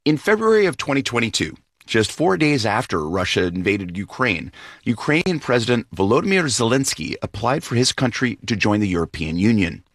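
A man's voice: mid-range voice, big pitch swings, a little fast, fairly bright tone, no room sound. A man hosting a radio news program, introducing reports and interviewing a reporter in a studio. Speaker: news host. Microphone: studio microphone.

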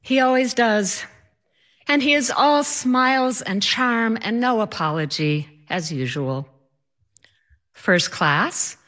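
A woman telling a personal story with animated, comic timing. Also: a little high, measured pace.

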